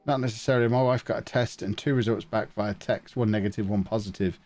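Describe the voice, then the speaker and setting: A man's voice: lowish voice, steady tone, fast talker, darkish tone, soft background music. A man with a sniffly, stuffed-up nose, chatting casually and rambling through a live stream while he plays a management game.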